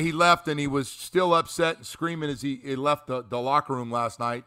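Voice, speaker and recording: A man hosting a sports talk radio show, talking through a game in an animated, rambling way and repeating his words. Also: mid-range voice, moderate pace, clean tone.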